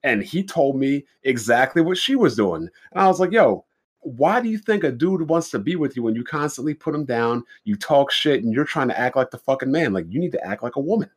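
Podcast host, male, mid pitch; blunt, profane storyteller who acts out quotes. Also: big pitch swings, a little fast, slightly rough. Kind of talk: casual podcast chat.

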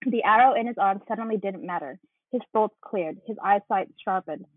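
Casting: husky-voiced woman co-host, reads aloud animatedly, phone-thin dry audio. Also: mid-range voice, normal speed, dry recording. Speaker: podcast co-host. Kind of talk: casual chat and reading aloud. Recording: tinny phone-like line.

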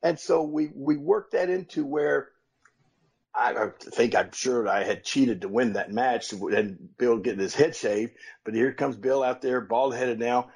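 An older man with a husky, slightly breathy voice and a drawl spins stories in a relaxed podcast chat. He gets animated and acts out the people he quotes, and his pitch sits in an ordinary middle range. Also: unhurried. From United States. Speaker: podcast co-host, former wrestler. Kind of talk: casual storytelling chat.

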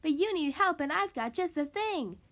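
A woman voicing a sly, fast-talking male fox who sells like a pushy salesman, in a children's storybook reading. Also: very high voice, expressive, fairly bright tone, pitched above the performer's own voice. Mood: coaxing.

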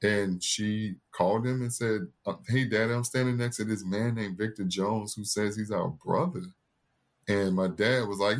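A man's voice: lowish voice, normal speed. A man in his thirties, a podcast guest, telling a personal family story in an earnest, candid way and acting out the voices of the people in it.

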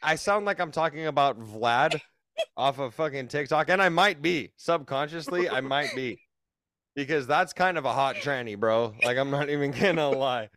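A man's voice: mid-range voice, normal speed, a bit bright, no echo. A man hosting a casual podcast, talking in a crude, rowdy, joking way and laughing often. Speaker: podcast host.

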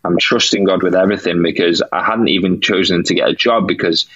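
Low-voiced British man telling his story. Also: steady tone, fast, fairly bright tone, dry recording. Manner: earnest, acts out remembered dialogue. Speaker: podcast guest. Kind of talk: faith testimony storytelling. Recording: dull lo-fi dry sound.

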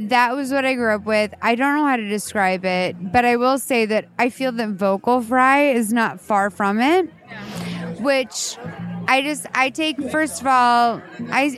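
Woman with heavy vocal fry. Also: a little high, fairly bright tone. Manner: rambling, irreverent, quick asides. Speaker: podcast host. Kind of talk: casual chat.

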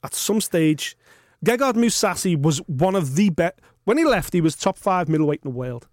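A man hosting a podcast, ranting in animated, sweary casual chat. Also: high-pitched, normal speed, no echo, studio quality. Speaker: podcast host.

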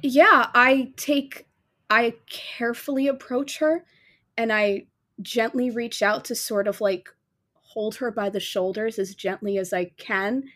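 A woman taking part in a tabletop role-play, describing her character's actions in a relaxed, caring way. Her voice sits a little higher than most women's. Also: a little slow. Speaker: player.

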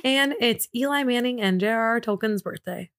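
A woman's voice: a little high, normal speed, a bit bright. A woman from Indiana co-hosting a true crime podcast, telling the case in a chatty, joking way and laughing often. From Indiana, USA. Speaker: podcast co-host, case presenter.

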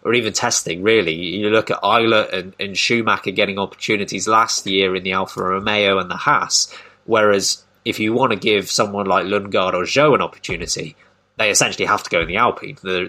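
A man's voice: lowish voice, a little fast, sharp tone. A man hosting a casual podcast discussion, thoughtful and given to restarts. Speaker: podcast host.

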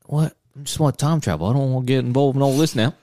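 A man's voice: medium pitch, warm tone, dry recording, studio quality. Man joking in short interjections. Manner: quick jokey interjections. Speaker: podcast co-host. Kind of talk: casual chat.

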